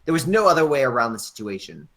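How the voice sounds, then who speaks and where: A man's voice: mid-range voice, big pitch swings, fast, sharp tone. A man narrating a fan script aloud with a casual, stumbling delivery and frequent restarts. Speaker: narrator and reader.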